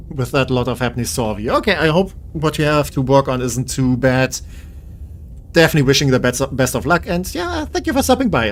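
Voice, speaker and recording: A man live-streaming a game, tired and rambling as he jokes with his chat in a self-deprecating way. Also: mid-range voice.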